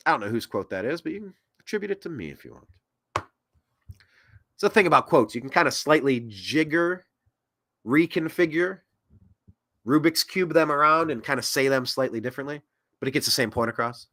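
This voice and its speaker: A man hosts a political commentary show, ranting in an animated way. His voice is higher than most men's and bright, and it leaps up and down in pitch. The sound is dry and close. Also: a little fast, long pauses, no echo. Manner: animated ranting, swings loud and soft. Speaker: host.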